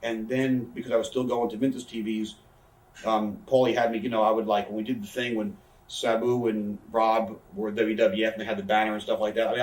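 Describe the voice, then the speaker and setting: A man in his thirties telling a backstage story in a casual interview, rambling, animated and swearing. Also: lowish voice, echoey room, far from the mic, poor audio. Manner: rambling, animated, swears, acts out quoted voices. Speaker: interview guest, wrestler.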